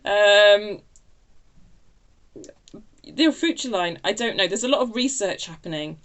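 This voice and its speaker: A woman's voice: medium pitch, animated, unhurried. A woman giving a casual tarot reading, chatty and self-interrupting, laughing at her own remarks. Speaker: tarot reader.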